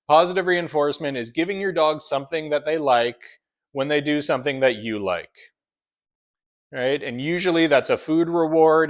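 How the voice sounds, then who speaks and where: A dog trainer, a man, explains his training approach in a relaxed instructional talk. His voice sits at an ordinary middle pitch, and he often checks in with a quick "right?" as he goes.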